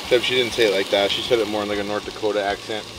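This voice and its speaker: A man chatting casually as he cooks outdoors, explaining each step in a relaxed way. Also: fairly low pitch, very fast, far from the mic, noisy background. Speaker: outdoor cooking vlogger. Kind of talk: casual cooking narration. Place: outdoors at a campsite.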